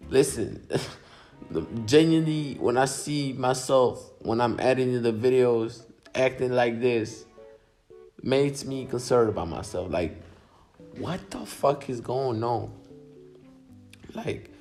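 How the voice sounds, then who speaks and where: Young guy vlogging, slow and laid-back, cussing, laughing at himself, faint guitar music behind. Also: mid-range voice, a little mellow. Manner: laid-back, profane, self-mocking. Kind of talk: casual commentary over own silent video.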